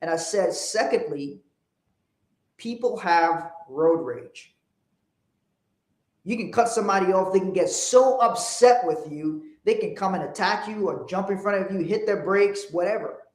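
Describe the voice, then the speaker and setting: High-voiced man in an echoey room. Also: a little slow. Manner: rambling, restarts often, animated when telling stories. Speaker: podcast host. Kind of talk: casual motivational talk.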